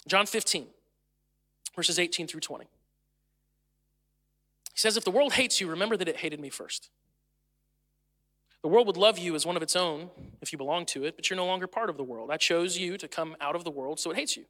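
A male pastor delivers a sermon in a church sanctuary, rising to loud, emphatic peaks. His voice sits high and rings very bright and forceful. It carries a long reverb from the hall. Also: brisk, pauses often.

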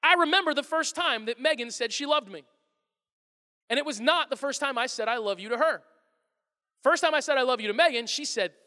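High-voiced, lively pastor preaching in a hall. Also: male voice, a little fast, pauses often. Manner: animated, acts out quotes in voices. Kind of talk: sermon. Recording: long reverb of a large hall.

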